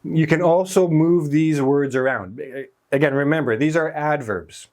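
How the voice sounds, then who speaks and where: A man's voice: a little high, a little slow, darkish tone. Man explaining grammar at a whiteboard. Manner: explanatory, stresses example words, frequent self-corrections. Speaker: English grammar teacher.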